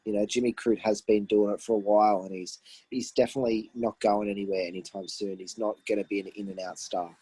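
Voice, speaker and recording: Low husky Australian man. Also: level tone, fast, hardly any pauses, mellow, no room sound, poor audio. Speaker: podcast co-host. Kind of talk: casual sports chat. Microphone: remote call.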